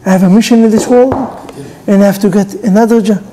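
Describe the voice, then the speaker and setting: Warm-voiced rabbi telling a lively story. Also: male voice, high-pitched, fast talker, a little hiss or hum, low-quality recording. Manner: animated storyteller, acts out the dialogue; non-native English phrasing. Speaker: rabbi giving a talk. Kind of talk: sermon with storytelling.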